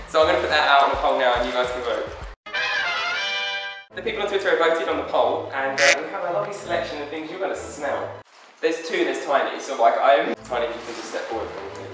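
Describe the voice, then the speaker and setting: A man's voice: a little high, a little fast, distant mic. Young male vlog host, teasing, laughs a lot; echoey room, off-mic, music behind. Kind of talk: casual vlog challenge chat.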